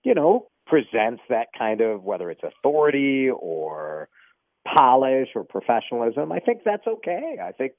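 A man who works as a TV news anchor, a guest on a radio chat show, who speaks in an animated, opinionated way and is quick to joke. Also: mid-range voice, no echo, phone-quality sound.

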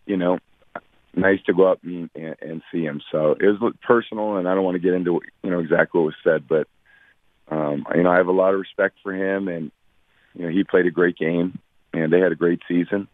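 Deep-voiced man on a tinny phone line. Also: dry recording. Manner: measured, full of fillers. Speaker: guest athlete. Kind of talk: radio phone interview.

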